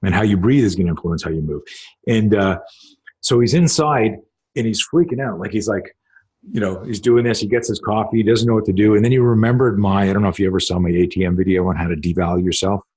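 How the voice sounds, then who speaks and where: A middle-aged man, a self-defense coach, telling stories in a casual interview, rambling and animated, acting out quotes with swearing. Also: fairly low pitch, quick pace, husky. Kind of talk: casual storytelling in a podcast interview.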